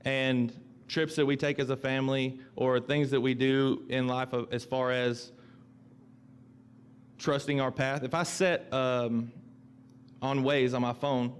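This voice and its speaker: A man's voice: mid-range voice, level tone, a little slow, clean tone. A middle-aged male pastor preaching a sermon in a conversational way, often repeating himself and acting out the voices he quotes.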